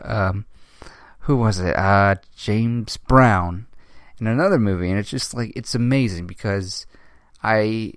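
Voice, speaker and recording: A young man hosting a casual commentary, speaking with emotion, halting often with restarts and swearing. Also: lowish voice, clear, resonant tone, no room sound, clean studio sound. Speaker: host.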